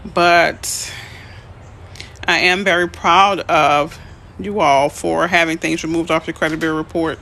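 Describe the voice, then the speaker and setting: A woman realtor chatting casually on a live stream, reading out viewer comments and answering them in a chatty, excitable way. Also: low voice, a little slow. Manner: chatty, excitable, easily emotional. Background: birds chirping faintly.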